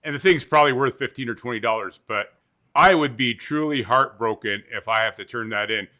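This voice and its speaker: Bright-voiced man talking haltingly. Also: medium pitch. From Canada. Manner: halting, stops and starts with fillers. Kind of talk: casual podcast discussion.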